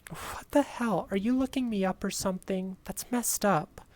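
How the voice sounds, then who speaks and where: A woman voicing a frightened young female neighbor who pleads and shouts in a creepy story read aloud. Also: medium pitch, moderate pace, natural voice. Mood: upset, pleading. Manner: pleading, upset, rising to shouts.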